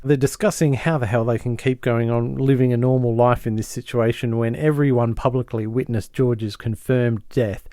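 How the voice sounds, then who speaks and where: A man, co-hosting a podcast and casually retelling a sitcom episode with lively impressions of the characters. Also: mid-range voice, moderate pace, hardly any pauses, no echo, studio quality. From Australia. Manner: animated storyteller, mimics the characters' lines. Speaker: podcast co-host.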